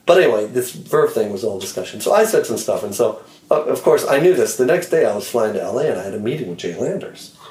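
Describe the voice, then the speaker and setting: A man's voice: fairly low pitch, quick pace. Guy telling music biz stories, swears a lot, voice jumps up for quotes, echoey room. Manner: animated, profane, acts out quotes in raised voice. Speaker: record producer. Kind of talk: casual storytelling chat.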